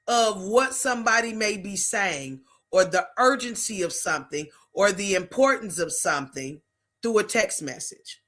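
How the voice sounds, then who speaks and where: A woman's voice: fairly high pitch, fairly bright tone. A middle-aged woman hosting a faith-based talk show, talking in an emphatic, preachy, conversational way. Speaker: host.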